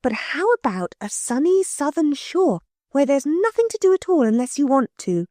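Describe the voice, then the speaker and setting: An eager, kind little girl in a storybook, her high voice full of sympathy, as a woman reader voices her. It is recorded dry and close. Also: very animated, moderate pace, mellow, no echo.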